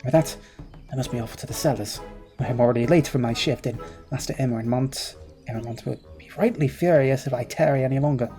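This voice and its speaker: A timid young man stumbles over his own formal, old-fashioned phrases, read aloud by a gamer doing the voice. The tone is mellow and soft. Faint game music plays behind. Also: medium pitch, fairly quick, natural voice. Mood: flustered. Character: timid, apologetic young man, polite and flustered. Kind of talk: voice-acted game dialogue reading.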